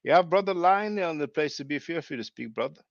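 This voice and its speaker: Man, 40s, French accent, stream host, lively rhetorical delivery, slightly high pitch, dull dry sound. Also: brisk, dry recording. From France. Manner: animated, rhetorical questioning. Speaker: channel host. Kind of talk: live stream commentary.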